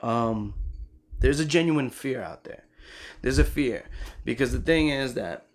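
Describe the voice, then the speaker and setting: A voice actor who hosts his own channel delivers emphatic, profane commentary to camera, swinging between loud and soft. His voice is medium-pitched and his pace measured.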